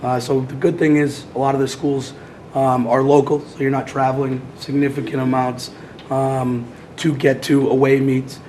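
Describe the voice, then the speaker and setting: A hoarse man with a cold presenting as athletic director at a public meeting, halting with many fillers. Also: medium pitch, flat delivery, a little mellow, slight background noise, poor audio.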